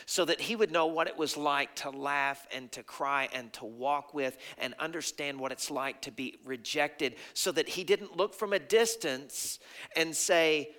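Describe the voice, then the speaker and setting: A man preaching a conversational, earnest sermon, sometimes dropping to a hush. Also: mid-range voice, normal speed. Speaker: pastor.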